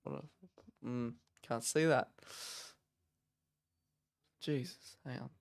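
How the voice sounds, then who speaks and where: A man hosting a casual live watch-along, chatting and rambling with bursts of excitement as he reacts to the match from his office. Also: medium pitch, takes it slowly, gravelly, dry recording, clean studio sound.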